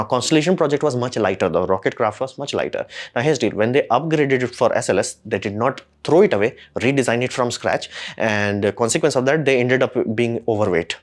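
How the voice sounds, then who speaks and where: A man rants through a casual solo commentary at a middling pitch. His talk is rambling and full of slang, and it keeps spilling into exasperated, animated outbursts. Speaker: host.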